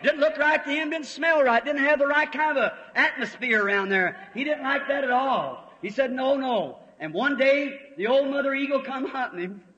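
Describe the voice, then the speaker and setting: A man preaching a fiery revival sermon in folksy, storytelling words, swelling to shouts. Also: very high-pitched, moderate pace, hardly any pauses. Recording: old lo-fi tape, long hall reverb.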